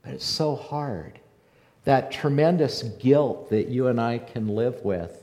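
A man's voice: medium pitch, takes it slowly, dark tone. A man preaching a sermon as a pastor, building emphasis by repeating phrases. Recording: long hall reverb.

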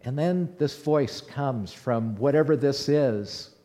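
A man playing the apostle Peter in a first-person dramatic monologue, telling his story in an animated way that swings between hushed and loud. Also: medium pitch, slow pace, lightly acted. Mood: awed storytelling. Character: the apostle Peter, bold outspoken fisherman. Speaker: preacher in character.

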